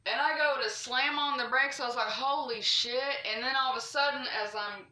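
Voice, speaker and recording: A woman from North Carolina, telling a true scary story to camera in a chatty, animated way, with fillers and the odd swear. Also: high-pitched, fast, reverberant. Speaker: vlogger.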